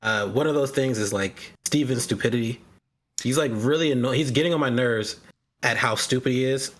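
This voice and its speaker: A man's voice: medium pitch, fairly quick. A man co-hosting a casual chat show, voicing frank complaints and often repeating words. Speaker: podcast co-host.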